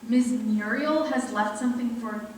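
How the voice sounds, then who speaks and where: A woman acts out a swooning romantic who teases in a fairly high voice. She is heard from far away in a very echoey hall. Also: measured pace, a little mellow, slight background noise, natural voice. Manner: swooning, teasing. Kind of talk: amateur stage musical acting.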